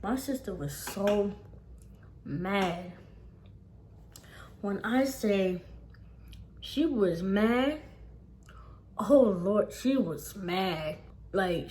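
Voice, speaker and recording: A young adult woman talks straight to camera in a casual storytime vlog. Her voice sits at an ordinary middle pitch. She swears freely and leans on repeated phrases to drive each point home. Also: darkish tone, a little hiss or hum. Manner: profane, emphatic, repeats phrases for emphasis. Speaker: vlogger.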